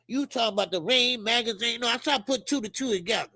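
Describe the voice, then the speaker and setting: Man, boxing stream host, profane and rambling, bright tense voice, dry close sound. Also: very high voice, fast talker, creaky, dry recording. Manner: blunt, profane, repeats himself, many fillers. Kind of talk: casual livestream commentary.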